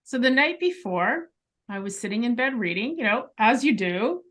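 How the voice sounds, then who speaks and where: A woman guest, a clairvoyant, telling a personal story in a conversation, animated and full of emphatic asides, speaking from a bedroom at home. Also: fairly high pitch, moderate pace.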